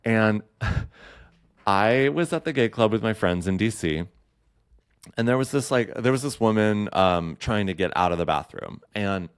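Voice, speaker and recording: A man talks casually and campily as a podcast host, rambling through asides and fillers. His voice sits low and comes across smooth and resonant. The sound is dry and close, with no room around it. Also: animated, unhurried, no echo. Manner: chatty, campy, lots of fillers and asides. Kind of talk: casual solo chat.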